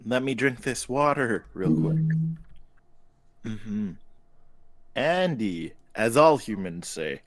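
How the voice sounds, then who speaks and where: Slow, lively, joking man. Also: mid-range voice. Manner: playful, joking. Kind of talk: casual chat before a tabletop game stream.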